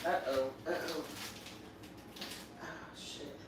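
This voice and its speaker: A woman's voice: low voice, fairly even intonation, slow, noisy background. A woman hosting a livestream, talking candidly and emotionally straight to her viewers in a casual way. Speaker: livestream host.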